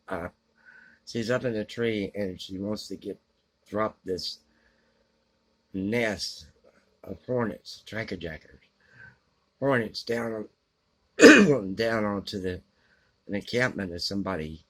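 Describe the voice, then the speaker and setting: A man giving blunt, grumbling book opinions in a halting way, with lots of fillers and frequent throat clearing. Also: lowish voice, a bit bright. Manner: grumbling, opinionated about books. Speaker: book vlogger answering a question tag. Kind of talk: casual unscripted talk to camera.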